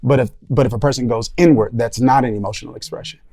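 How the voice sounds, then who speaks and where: A man's voice: medium pitch, fast talker, warm tone. A man discussing ideas on a podcast panel, thoughtful and searching for his words.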